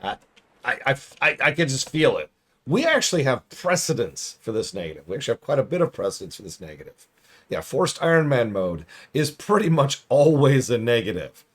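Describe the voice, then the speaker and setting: A man reviewing a game on a live stream, hoarse and losing his voice, chatty and thinking out loud. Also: medium pitch, sing-song, a little fast. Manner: chatty, thinks aloud, restarts. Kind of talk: casual live-stream commentary.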